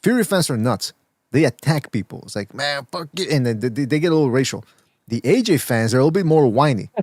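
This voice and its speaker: A man hosting a podcast, animated and joking, laughing through his banter. His voice sits at an ordinary middle pitch. The sound is close and dry, with no room around it. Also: fast, husky, no room sound. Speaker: podcast host. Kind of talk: casual boxing banter.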